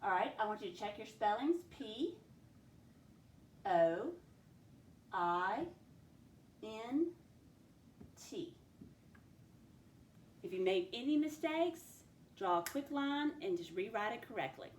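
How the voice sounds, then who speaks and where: A woman's voice: mid-range voice, expressive, a little hiss or hum. A woman teaching a phonics spelling lesson, stretching out each sound of a word as she dictates it. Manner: slow, stretched sounding-out of words. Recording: echoey room with faint ambience.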